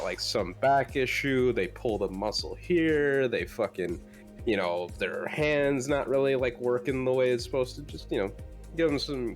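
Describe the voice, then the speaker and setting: A man chatting loosely on a livestream, swearing often and padding his talk with fillers, with faint music behind. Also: medium pitch. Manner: profane, loose, lots of fillers. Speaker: podcast co-host. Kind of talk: casual chat on a livestream.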